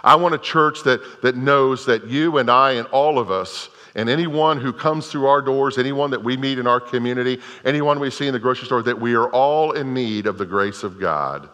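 A man's voice: mid-range voice, moderate pace, hardly any pauses, bright, forceful tone. A middle-aged man preaching a sermon as a pastor, telling a story in a folksy way with many restarts. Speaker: Methodist pastor. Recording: long hall reverb.

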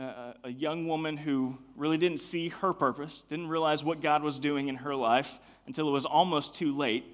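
A man's voice: a little high, a bit bright. A young adult man giving a casual youth sermon in a chatty way. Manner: casual, chatty, many fillers. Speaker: youth pastor.

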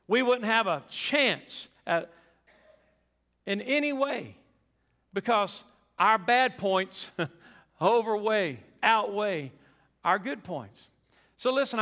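A man's voice: high-pitched, a bit bright, long reverb tail. A pastor preaching a sermon to his congregation, emphatic and folksy, repeating his key phrases.

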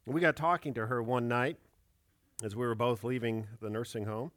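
A pastor in his fifties delivers a sermon, earnest and measured, pushing up on key words and dropping to a hush. His voice sits at an ordinary middle pitch. The sound is dry and close, with little room echo. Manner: earnest, measured preaching with emphatic rises and soft drops.

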